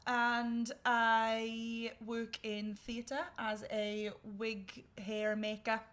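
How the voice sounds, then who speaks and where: A woman's voice: fairly high pitch, monotone, very slow, a bit bright. A young woman in her twenties, a podcast guest in casual chat, laughing and self-deprecating.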